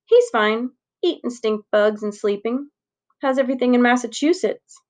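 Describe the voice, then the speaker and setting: Lady reading goofy kid pal, slow teasing lines, storybook style. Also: fairly high pitch, expressive, lightly acted. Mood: playful. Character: young boy, joking best friend on the phone.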